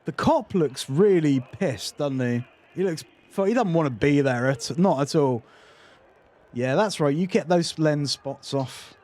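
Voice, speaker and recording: A man's voice: on the high side, expressive, a little slow, darkish tone. A British man hosting a reaction video, giving casual commentary with wry, sarcastic asides. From Britain.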